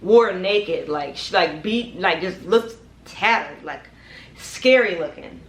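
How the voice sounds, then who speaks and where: Speaking slowly in a lowish voice, a young woman shares a dramatic personal story on her storytime vlog. She addresses viewers directly as "y'all" and animatedly acts out the scenes, all in an echoey room.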